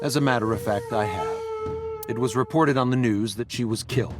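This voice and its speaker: A man's voice: medium pitch, fairly quick, loud music behind the voice, natural voice. An actor playing a haughty male politician who answers curtly and dismissively. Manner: curt, dismissive.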